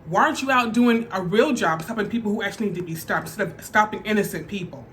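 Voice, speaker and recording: A woman's voice: mid-range voice, fast talker, a bit bright, a little hiss or hum, natural voice. A woman putting on the voice of her cocky, defiant young boyfriend as she tells a story. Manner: curt and defiant.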